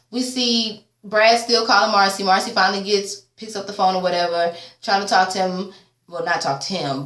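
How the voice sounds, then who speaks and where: A tired woman giving a sassy, casual TV episode recap, swearing freely and jumping up in pitch when she quotes the characters. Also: a bit bright. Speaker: TV recap vlogger. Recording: echoey room.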